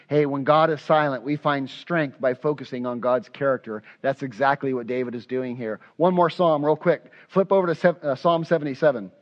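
A man's voice: mid-range voice, moderate pace, lo-fi sound. A man preaching a sermon as pastor, acting out prayers aloud with passion. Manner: impassioned, acts out prayers aloud.

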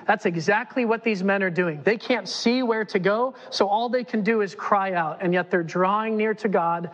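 Emphatic pastor preaching in an echoing hall. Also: male voice, high voice. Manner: emphatic, dramatic, acting out quotes. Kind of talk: sermon. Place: church hall before a congregation. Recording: long reverb in a church hall.

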